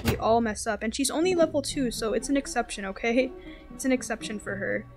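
A woman giving casual, very talkative gameplay commentary, turning excitable and repeating words when the game gets tense. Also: fairly high pitch, brisk. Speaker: gaming video host. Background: game background music.

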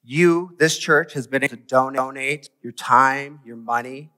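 A man preaches in a loose, conversational way, tossing rhetorical questions at his listeners. His voice sits at an ordinary middle pitch. The sound carries the long reverb of a large church hall. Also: a little slow, pushed and bright. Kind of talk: sermon. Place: church sanctuary.

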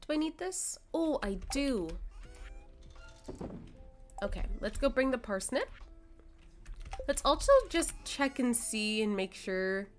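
A woman's voice: a little high, lively intonation, slow, pauses often, faint music behind. A woman streamer chatting casually with her viewers while she plays a cozy farming game. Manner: chatty, reads and answers chat. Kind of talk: casual gameplay chat.

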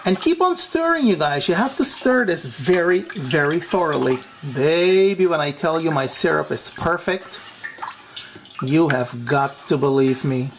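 An animated man from Suriname hosts his own cooking vlog. He keeps turning to the viewers as "you guys", and his voice jumps from low to high from one phrase to the next. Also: measured pace, noisy background. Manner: big swings in pitch. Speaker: cooking show host.

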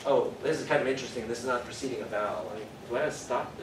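Racing through a university lecture, a medium-pitched man explains things step by step, thinks aloud, and demonstrates vowel sounds. He is recorded from far off in an echoey lecture hall, with background noise.

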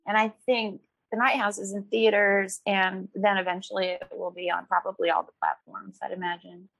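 An actress in a casual interview, talking in a chatty, animated way and laughing often. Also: female voice, mid-range voice, moderate pace, vocal fry. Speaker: actress guest.

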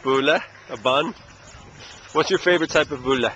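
A man's voice: medium pitch, normal speed, bright, forceful tone, highs cut off. Patient father filming at a playground. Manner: patient, coaxing questions. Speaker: language teacher and father. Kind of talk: casual outdoor language lesson. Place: outdoor playground. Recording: noisy outdoor camera audio.

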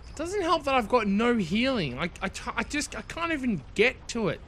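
A young man commentating his own gameplay, excitable, swearing and yelping at what happens on screen. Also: very high-pitched, normal speed, slight background noise. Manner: excitable, swears and yelps at the game. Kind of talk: let's play commentary.

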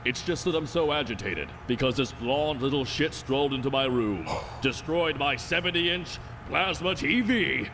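A man playing a lazy vampire who tosses off crude wisecracks in a mid-range voice that swings up and down. It is a comedy parody dub, and a clear hiss of noise sits underneath. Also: mid-range voice, lively intonation, normal speed, few pauses, natural voice. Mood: flippant. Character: lazy irreverent male vampire.

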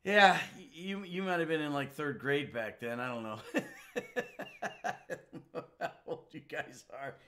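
A man's voice: on the high side, unhurried, long pauses, sharp tone. A middle-aged man streaming a video game, chatting and swearing with exasperation as he plays. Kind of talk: live gameplay commentary.

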